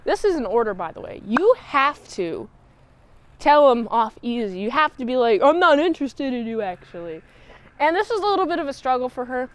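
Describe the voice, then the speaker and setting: Woman, show reviewer, high voice, rambling, playful, casual recap. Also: big pitch swings, a little fast, no room sound.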